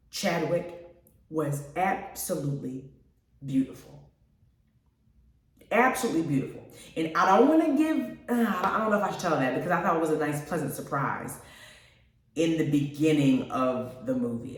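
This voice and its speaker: Gushing woman host in an echoey room. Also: lowish voice. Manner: gushing, animated, chatty with listeners. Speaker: radio show host. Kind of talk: casual movie review chat. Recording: very echoey room, mic at a distance.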